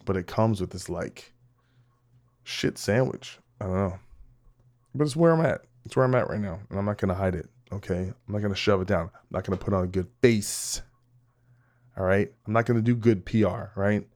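A man's voice: on the low side, normal speed, darkish tone. A man hosting a podcast, talking on his own in a loose, rambling monologue, mocking himself, swearing, and speaking straight to his listeners. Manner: rambling, self-mocking, frequent restarts and laughs; swearing, direct address to listeners. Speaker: podcast host. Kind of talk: casual solo podcast monologue.

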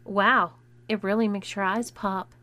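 A woman's voice: mid-range voice, fairly even intonation, unhurried, sharp tone. A woman voicing a smug, mocking teenage girl bully in a story reading. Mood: smug teasing. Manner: smug, teasing.

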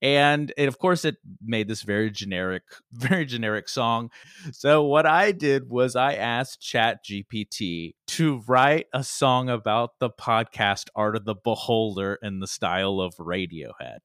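A man's voice: medium pitch, measured pace, few pauses, fairly bright tone, clear, resonant tone, no room sound, studio quality. A man co-hosting a podcast, telling a story in a chatty way, laughing often and swearing casually. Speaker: podcast co-host.

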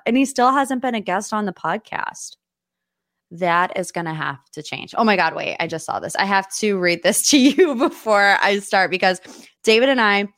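Gushy chatty american-raised woman in her late 20s hosting a podcast, mid pitch, dry close sound. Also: fairly bright tone, no room sound. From United States. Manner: chatty and gushing, with quick asides and laughs. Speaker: podcast host. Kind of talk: casual chat. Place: studio office.

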